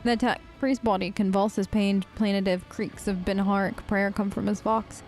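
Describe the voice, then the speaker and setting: A woman's voice: mid-range voice, steady tone, measured pace, darkish tone, faint music behind. Chatty woman narrating a game. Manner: chatty, reads dialogue with restarts and asides. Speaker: let's play host. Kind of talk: casual gameplay commentary reading game text aloud.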